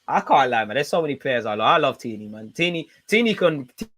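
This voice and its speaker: A man with a London accent hosting a football fan channel, chatting casually and excitably with plenty of slang. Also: mid-range voice, fast talker. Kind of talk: casual fan reaction commentary.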